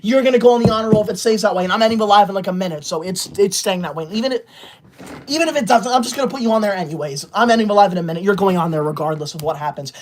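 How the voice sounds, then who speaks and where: A woman's voice: mid-range voice, very fast, darkish tone, a little hiss or hum. Mock-outraged woman livestreamer. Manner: mock-indignant, scolding viewers in a theatrical huff. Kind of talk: livestream chat with viewers.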